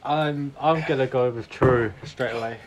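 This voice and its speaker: A man's voice: mid-range voice, measured pace, heavy background noise. A man in casual podcast banter, cheeky and bargaining.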